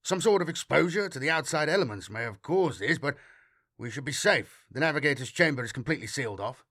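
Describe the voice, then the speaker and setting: A man voicing a grim, wary male ship's officer who reports in a low, guarded, matter-of-fact way. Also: expressive, quick pace, a bit bright.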